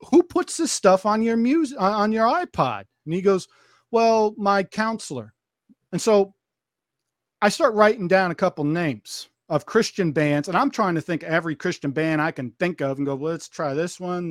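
A man with a high-pitched voice recounts a story in casual podcast conversation, acting out each quoted line and circling back with restarts as he goes. His voice is recorded close and dry, with no room sound. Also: moderate pace, no room sound. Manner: vivid retelling, acting out quoted dialogue; frequent restarts and repeated phrases.

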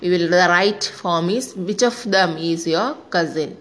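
Slow-speaking woman teaching grammar. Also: lowish voice, a little hiss or hum, poor audio. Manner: slow, spells words out letter by letter; explains with example sentences. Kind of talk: grammar lesson.

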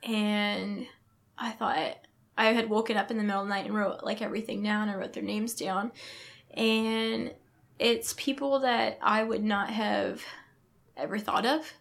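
A woman's voice: mid-range voice, fairly even intonation, unhurried, gravelly. A young pregnant woman telling a heartfelt personal faith story as a podcast guest, acting out the words of others as she goes. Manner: earnest, reenacts her own thoughts and others' words. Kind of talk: emotional personal testimony.

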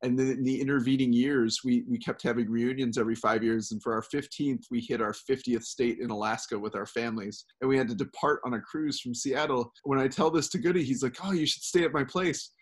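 A man's voice: medium pitch, steady tone, fairly quick, hardly any pauses, breathy edge. A man hosting a casual podcast chat, rambling and friendly with many fillers. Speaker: podcast host.

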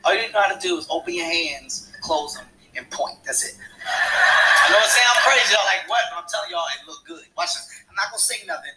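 Male stand-up comic, small light voice, animated delivery with shouted punchlines and acted-out characters. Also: a little high, fast talker, few pauses, over loud music, poor audio. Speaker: stand-up comedian. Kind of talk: stand-up comedy routine.

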